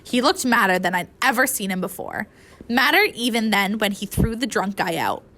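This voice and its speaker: A woman reading a first-person audiobook aloud, with an emotional, expressive telling. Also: medium pitch, normal speed. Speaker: audiobook narrator.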